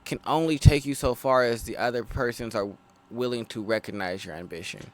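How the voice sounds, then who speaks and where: A man co-hosting a podcast, talking through his views in a measured way with many restarts. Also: medium pitch. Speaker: podcast co-host. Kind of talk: casual podcast chat.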